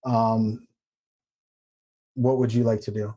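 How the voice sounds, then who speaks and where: A man acting as game master of a tabletop game, explaining rules and options patiently and in a measured way. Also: lowish voice, level tone, warm tone. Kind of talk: running a tabletop game online.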